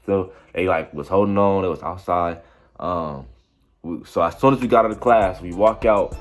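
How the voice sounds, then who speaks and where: A man's voice: deep voice, normal speed, faint music behind. A young man telling a story in a casual, rambling way, full of slang and repeating "you feel me". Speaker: vlogger.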